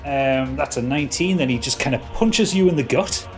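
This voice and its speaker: A man's voice: medium pitch, faint music behind. A man narrating as game master, stopping and restarting often. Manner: halting, full of restarts and fillers.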